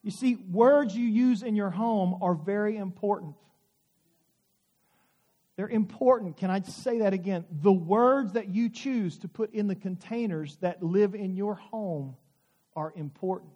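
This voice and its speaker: Male pastor, 40s, high voice, folksy storytelling sermon, leans on drawn-out words for emphasis. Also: mellow, muffled recording.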